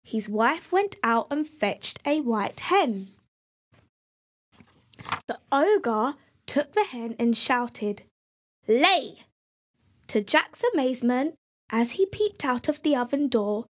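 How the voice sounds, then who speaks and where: A woman narrating a fairy tale in a slow, clear, expressive storybook style. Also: a little high.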